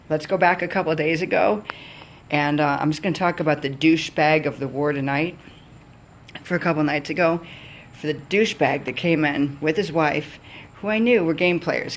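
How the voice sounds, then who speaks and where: A woman's voice: low-pitched, a little hiss or hum. A woman restaurant server telling a blunt, profane, exasperated story about her customers.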